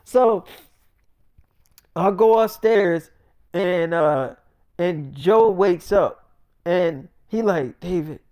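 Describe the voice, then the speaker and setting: Man telling a story casually, animated, profane, acts out the voices. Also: high-pitched, extremely slow, long pauses, no room sound, lo-fi sound. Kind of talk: casual comedic retelling.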